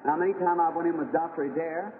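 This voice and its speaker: A man's voice: on the high side, fairly even intonation, quick pace. A man preaching an old-time revival sermon, telling stories in an earnest, folksy way. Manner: earnest, folksy storytelling with acted-out quotes. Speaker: evangelist preacher. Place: church hall. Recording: tinny, hissy old archival recording in a hall.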